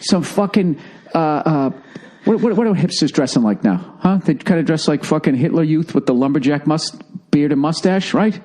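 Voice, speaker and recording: A man hosting a podcast, bickering with his wife in a profane, exasperated, rapid-fire way. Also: on the high side, lively intonation, darkish tone. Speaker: podcast host. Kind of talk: casual argument with his wife.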